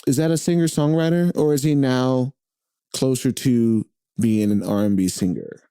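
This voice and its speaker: Relaxed man with a dark, dry voice. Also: medium pitch, moderate pace, clean tone, dry recording. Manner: rambling, many fillers and restarts. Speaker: podcast guest, drummer and radio host. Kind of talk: casual interview chat. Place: host's home.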